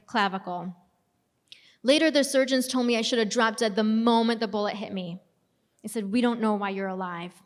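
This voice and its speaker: A young adult woman telling her own story as a personal testimony, casual and storytelling, with self-deprecating humor. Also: mid-range voice. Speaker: speaker giving a testimony. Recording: long hall reverb.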